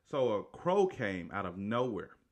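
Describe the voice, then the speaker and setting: A man's voice: fairly low pitch, big pitch swings, a little slow. A man casually retelling a movie's story, rambling along with restarts, self-corrections and "right?" tags.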